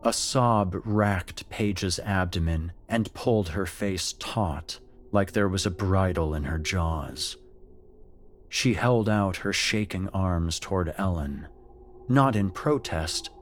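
A man narrating a horror story in a slow, measured, scripted storytelling manner. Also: low-pitched, a little hiss or hum.

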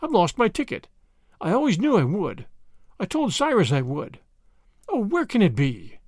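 An excitable old grandmother in a storybook, high and quavering, her voice leaping wildly up and down, put on by a man narrating. The recording is close and dry. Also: moderate pace, no room sound. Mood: panicked. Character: fussy, anxious old grandmother on a train.

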